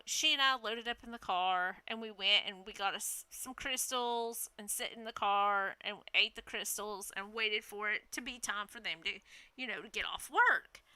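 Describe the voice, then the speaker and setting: A woman telling a story casually, animated and laughing, swearing freely. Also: on the high side, smooth, dry recording.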